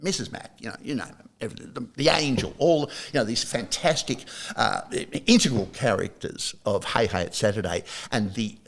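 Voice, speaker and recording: A man's voice: medium pitch, fairly quick, creaky, few pauses. An older Australian man, a saxophonist and podcast guest, telling anecdotes in casual chat and acting out other people's lines. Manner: animated storyteller who acts out other people's lines.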